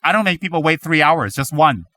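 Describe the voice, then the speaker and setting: A man giving a Buddhist teaching, animated and full of rhetorical questions, now and then mimicking other people's voices. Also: on the high side, a little fast, no room sound. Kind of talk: dharma talk.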